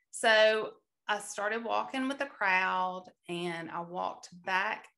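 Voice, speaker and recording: Bright-voiced woman telling her faith story. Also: medium pitch, takes it slowly, gravelly. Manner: earnest storytelling, some restarts. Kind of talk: personal faith testimony.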